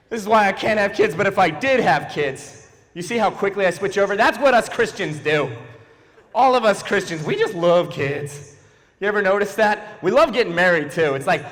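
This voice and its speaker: A man doing stand-up comedy in a church hall, animated and quick to switch into voices for the people he quotes. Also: sits high. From Philadelphia. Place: large church hall before a live audience. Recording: echoey hall.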